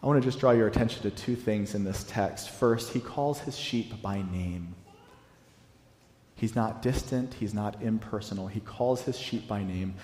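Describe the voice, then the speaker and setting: A pastor in his thirties preaches in a relaxed, conversational way, slowing down to repeat his key lines. His voice rings through a large, echoey hall with a long reverb tail. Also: fairly low pitch. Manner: conversational, repeats key phrases slowly for emphasis. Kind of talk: sermon.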